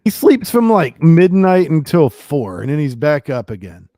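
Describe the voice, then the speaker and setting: A man's voice: a little high, sing-song, normal speed, warm tone. A man chatting casually as a guest, somewhat hesitant and mumbling. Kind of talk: casual banter.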